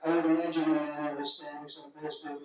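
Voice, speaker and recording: A man's voice: fairly high pitch, flat delivery, quick pace, dull audio. Rambling man in an echoey hall. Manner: rambling, digressive, full of superlatives. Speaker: political leader addressing a summit. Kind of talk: off-the-cuff speech. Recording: very echoey hall, distant mic, faint music.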